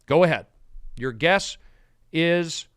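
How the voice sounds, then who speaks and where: Guy rambling on his phone livestream, jumps from yelling to muttering, super up and down, dry sound. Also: on the high side, expressive, slow, smooth, dry recording. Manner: erratic, swings between shouting and mumbling. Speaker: livestream host. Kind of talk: rambling solo livestream chat.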